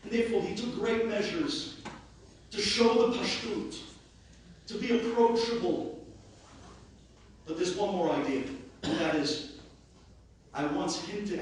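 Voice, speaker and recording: A man, a rabbi, giving an impassioned eulogy that swings between shouting and hushed speech. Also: sits high, lively intonation, normal speed, a little hiss or hum. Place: large hall at a memorial gathering. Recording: very echoey hall, voice far from the mic.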